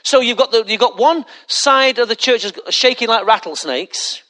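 Bright-voiced pastor preaching. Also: male voice, very high voice, moderate pace. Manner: conversational, mocking asides, rhetorical questions. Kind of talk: sermon.

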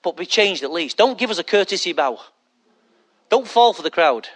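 Male pastor, high and bright, conversational sermon with rhetorical questions. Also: animated, moderate pace.

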